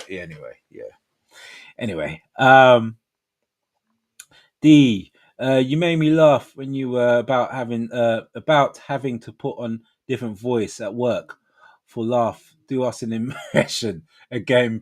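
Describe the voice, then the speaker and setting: A man's voice: mid-range voice, measured pace. A man in his forties hosting a livestream, chatting casually in slangy, rambling talk with frequent laughs. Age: 40s. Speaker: livestream host. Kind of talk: casual chat.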